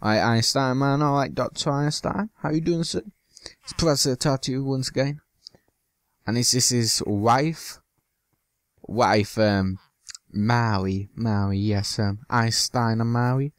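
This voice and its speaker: A gaming channel host offers loose, joking commentary over his own gameplay, swearing occasionally and drifting into silly bits. His medium-pitched voice moves slowly, recorded at studio quality with no echo.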